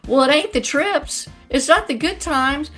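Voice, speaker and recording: A woman's voice: sits high, animated, unhurried, a bit bright, faint music behind. A middle-aged woman hosting a podcast, speaking in a conversational, affirming way. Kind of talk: casual podcast talk.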